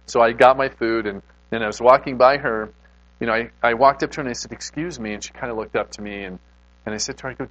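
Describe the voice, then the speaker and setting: A man's voice: mid-range voice, fast, fairly bright tone, rough recording. A man preaching a casual, conversational sermon, telling a personal story with lots of restarts and self-deprecating asides. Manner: extrovert.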